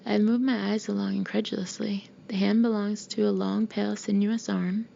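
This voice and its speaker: A woman's voice: mid-range voice, little pitch movement, normal speed, gravelly, warm tone, slight background noise. A woman narrating a first-person audiobook in an intimate, often half-whispered way, on a slightly dull recording.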